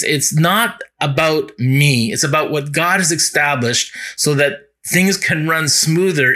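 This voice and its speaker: A male pastor preaching a sermon, earnest, often slowing down to stress key words. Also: fairly high pitch, pushed and bright.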